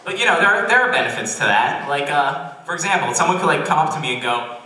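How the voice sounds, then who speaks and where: A young man doing a stand-up set at a college comedy club, awkward and self-deprecating, with halting restarts. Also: fairly high pitch, expressive, pushed and bright, a little hiss or hum. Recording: roomy distant club recording. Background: audience laughter.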